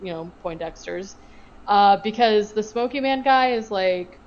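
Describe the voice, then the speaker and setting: Speaking unhurriedly in a mid-range voice, this female podcast co-host meanders through a relaxed movie recap packed with filler words. The sound is lo-fi.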